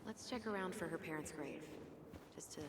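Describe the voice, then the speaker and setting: A soft-spoken young twin talks in a low, hushed, thoughtful way. Her lines sit in a roomy space with long reverb and a clear hiss. It comes from a story game. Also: moderate pace. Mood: wistful.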